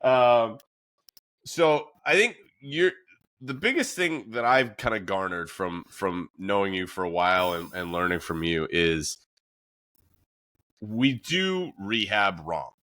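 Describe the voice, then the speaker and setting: Man, podcast host, low voice, tense bright tone, chatty, fillers and laughs, dry sound. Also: animated, slow pace, dry recording. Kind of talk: casual podcast conversation.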